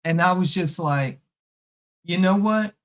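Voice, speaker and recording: A middle-aged woman hosting a podcast, telling a personal story in a casual, animated way and acting out past conversations. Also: lowish voice, a little slow. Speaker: podcast host.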